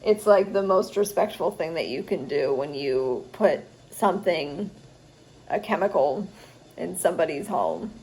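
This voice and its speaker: A woman's voice: lowish voice, animated, measured pace, dark tone. A young woman, a student vlogger, telling a rambling story in a casual storytime vlog at home, chatty and full of fillers, sounding tired. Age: young adult.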